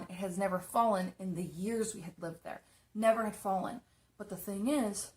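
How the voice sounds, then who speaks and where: A young woman chatting casually as she tells a story while doing her makeup, rambling with lots of fillers and restarts. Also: mid-range voice. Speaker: makeup vlogger.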